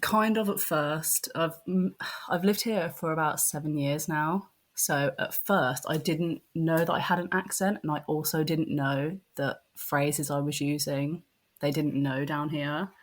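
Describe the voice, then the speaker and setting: A woman's voice: deep voice, steady tone, a little slow. A woman in her twenties with an English accent, a friendly podcast guest who laughs easily. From England. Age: 20s. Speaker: guest wrestling fan. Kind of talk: casual interview.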